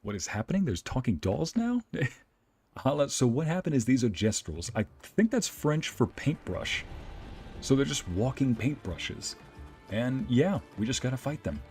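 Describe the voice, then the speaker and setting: A man's voice: mid-range voice, big pitch swings, normal speed, darkish tone, husky, soft background music. A man streaming a let's play, commenting playfully, joking and reading game dialogue aloud. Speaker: VTuber streamer and narrator.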